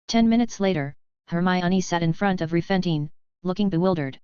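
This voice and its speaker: A woman narrating a fantasy audiobook in an even, steady reading. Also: on the low side, moderate pace, smooth, no echo, muffled recording. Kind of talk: scripted narration.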